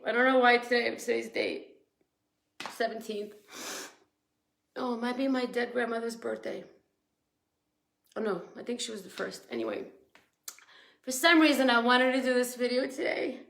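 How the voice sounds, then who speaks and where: A woman's voice: a little high, normal speed, vocal fry, long pauses, fairly bright tone, reverberant. A woman coaching a weight-loss group on a casual live stream, emotional and rambling, teary with a sore throat from crying and laughing often.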